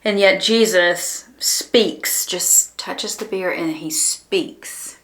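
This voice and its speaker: A woman teaching a conversational Bible lesson in an earnest, reflective way, pausing with ums and restarting her thoughts. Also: lowish voice, a bit bright, roomy sound.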